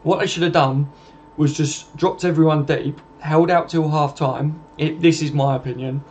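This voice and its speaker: A man's voice: on the high side, fairly even intonation, normal speed, a little mellow, a little hiss or hum. A man hosting a casual football livestream, chatting and answering viewer comments in a matey, informal way. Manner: chatty, matey, calls everyone mate.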